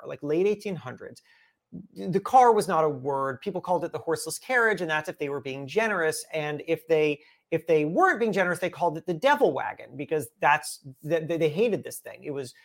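A man's voice: fairly high pitch, a bit bright. A man, a guest author, telling a story in a casual chat with lots of energy, repeating and restarting words.

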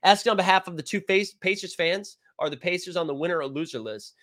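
Bright-voiced man hosting a loose live chat. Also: high voice, fast. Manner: loose, rambling, jokey, reads comments aloud. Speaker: sports show host reading live chat. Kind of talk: casual live-stream chat.

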